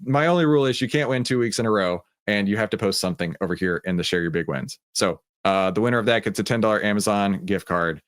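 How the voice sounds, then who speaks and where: A man's voice: fairly low pitch, fast talker, hardly any pauses. A man with a Texan accent hosting a casual live-stream about stock trading, chatting with viewers and greeting them by name with many fillers. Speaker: livestream host of a trading room.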